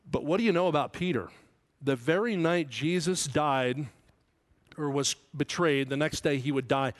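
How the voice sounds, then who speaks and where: A man preaching a Bible sermon, asking his listeners questions and rising loud and high when he quotes scripture. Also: normal speed. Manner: asks the congregation questions. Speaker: pastor. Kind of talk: expository sermon.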